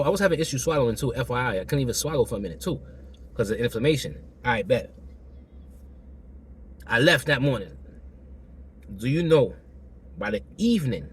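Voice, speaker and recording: A man with a hoarse, still-recovering throat tells a personal story to camera in a loose, slangy way, repeating himself and acting out the exchanges. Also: medium pitch, animated, brisk, pauses often. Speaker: vlogger telling a personal story.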